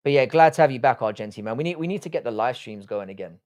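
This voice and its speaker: A man's voice: medium pitch, lively intonation, fast, a little mellow. Profane Southwest London man hosting a stream. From England. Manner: profane, teasing banter. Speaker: live stream host. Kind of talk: casual live-stream chat reading comments.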